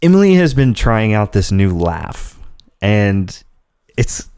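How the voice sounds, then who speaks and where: A man's voice: fairly low pitch, big pitch swings, slow, darkish tone, clean tone, no room sound, studio quality. A man hosting a casual podcast, telling rambling stories and laughing often. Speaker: podcast host. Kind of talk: casual chat.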